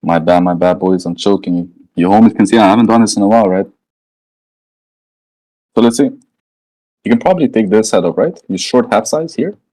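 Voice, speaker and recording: Here a man with a mellow, lowish voice speaks a little fast but pauses often, over a rough recording. He's a trading educator going through charts in real time, loose and slangy, reasoning aloud and frequently asking "right?"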